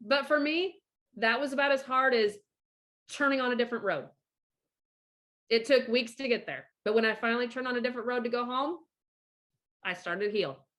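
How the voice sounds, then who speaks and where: High bright-voiced blunt profane woman. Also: moderate pace, long pauses. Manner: profane, blunt, animated, acts out quoted voices. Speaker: divorce coach and host. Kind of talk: casual blunt advice talk.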